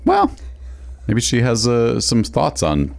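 A man co-hosting a podcast, dropping dry, deadpan quips in casual banter. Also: mid-range voice, slow pace, gravelly.

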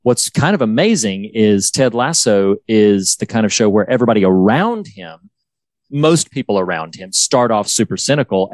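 A man's voice: lowish voice, a little mellow, no echo. A man co-hosting a podcast in casual chat, enthusiastically retelling favorite lines from a series. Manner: enthusiastic, quotes lines from the show. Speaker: podcast co-host.

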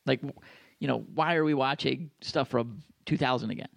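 A man's voice: medium pitch, gravelly, a bit bright. A man co-hosting a casual podcast who jokes around, stumbles over and repeats his words, and reads out listener questions. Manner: joking, halting, repeats himself. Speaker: podcast co-host.

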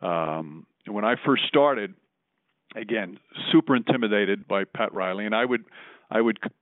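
A man recounts a memory at a steady pace, often pausing on "um". His voice is slightly low. The recording is dry and thin, like a phone call. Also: dry recording. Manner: measured, fills pauses with "um". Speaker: sports broadcaster, guest. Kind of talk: casual storytelling.

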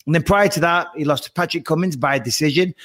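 Guy on a podcast hyping up a fight, kinda high voice, swears a lot, super animated. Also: fast talker. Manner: animated, emphatic, swears freely. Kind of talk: casual fight analysis chat.

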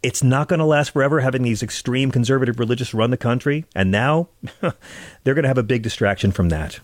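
A man's voice: medium pitch, brisk, no room sound, studio quality. A man hosting a political talk show, delivering a scripted commentary monologue in a sarcastic, indignant and profane manner.

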